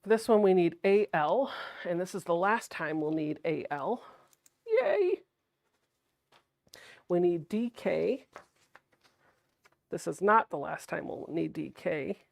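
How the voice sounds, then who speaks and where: Female livestream host, soft-spoken and unprojected, low gravelly tone, chats and thinks aloud while sewing. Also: no echo. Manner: soft-spoken, not projecting.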